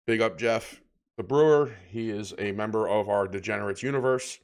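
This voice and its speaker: A man's voice: on the low side, moderate pace. A man co-hosting a casual beer review podcast, rambling through tasting descriptions. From New Jersey. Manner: relaxed, rambling descriptions with filler words. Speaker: podcast co-host.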